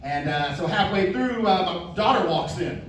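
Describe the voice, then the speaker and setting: A man's voice: high-pitched, expressive, normal speed, background noise. A man doing a self-deprecating stand-up set, telling family stories on a club stage. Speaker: stand-up comedian. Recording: echoey club, distant mic, audience.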